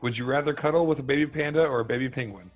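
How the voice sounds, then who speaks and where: A man hosting a casual podcast quiz game, firing off quick questions and laughing often. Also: medium pitch, faint music behind.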